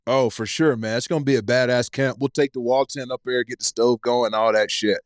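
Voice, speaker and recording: A man's voice: medium pitch, fairly quick, dry recording, clean studio sound. A man from East Tennessee, a podcast guest telling stories in casual chat and swearing freely. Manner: profane, animated storyteller.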